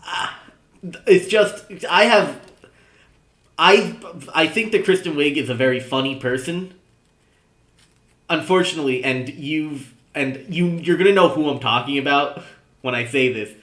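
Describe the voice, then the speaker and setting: A young man co-hosting a podcast, chatting casually with frequent laughs and halting restarts. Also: a little high, fairly bright tone, roomy sound. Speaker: podcast co-host. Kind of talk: casual chat.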